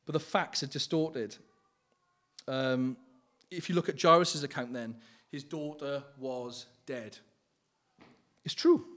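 A man's voice: medium pitch, takes it slowly, fairly bright tone. A man giving an informal sermon with personal testimony, earnest and pleading, often laughing and correcting himself mid-sentence. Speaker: lay preacher.

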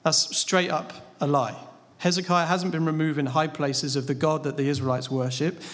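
A man's voice: on the high side, steady tone, normal speed, a bit bright. A man preaching a sermon, talking conversationally and asking his listeners rhetorical questions. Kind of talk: sermon on a Bible passage. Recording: long reverb of a large hall.

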